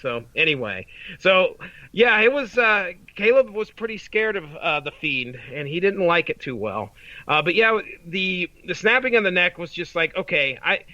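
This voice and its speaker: A man in his thirties chats loosely on a podcast, laughing often and restarting his sentences. His voice is bright and a touch high. It sounds dry and a little dull, as if from a home mic. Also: no room sound. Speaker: podcast co-host. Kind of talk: casual chat.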